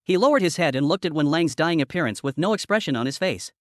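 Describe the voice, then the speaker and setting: A man recounts a story recap in a rapid, even storytelling voice. His pitch sits a little high and he moves fast. The sound is dry and close. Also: no room sound. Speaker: recap narrator.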